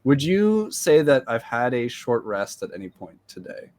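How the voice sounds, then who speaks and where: A man playing a tabletop game, speaking in a relaxed, halting way with many fillers. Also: mid-range voice, slight background noise. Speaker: player.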